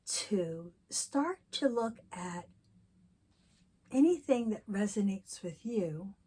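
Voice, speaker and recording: A woman in her sixties talking candidly in a personal vlog, telling stories and reflecting slowly. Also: mid-range voice, darkish tone, slightly rough. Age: 60s. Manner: candid storytelling, slow and reflective. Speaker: vlogger.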